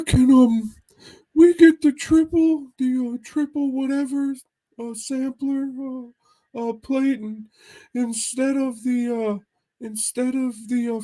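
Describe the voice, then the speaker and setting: High-pitched awkward guy, as a man mimics him, halting with uh after uh, hard to understand. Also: fairly even intonation, warm tone, rough recording. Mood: flustered. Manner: hesitant, full of "uh", hard to understand. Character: fumbling high-voiced male friend, awkward.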